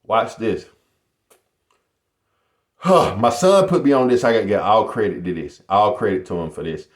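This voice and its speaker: A man's voice: on the low side, animated, moderate pace, echoey room. A middle-aged man talking casually to his viewers in a boastful, motivational vlog style. He keeps calling them "y'all.". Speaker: YouTuber.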